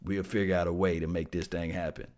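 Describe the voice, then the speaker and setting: A man's voice: deep voice, little pitch movement, quick pace, a little mellow, voice pushed down, close to an everyday voice. A man voicing a chatty, generous older male team owner in a mocking impression during a live stream. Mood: expansive.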